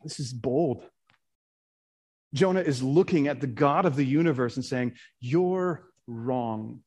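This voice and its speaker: A man's voice: mid-range voice, normal speed, darkish tone, slightly rough. A man preaching a sermon in an earnest way, reading scripture and creeds aloud with rising emphasis and sometimes stumbling over his words. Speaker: pastor.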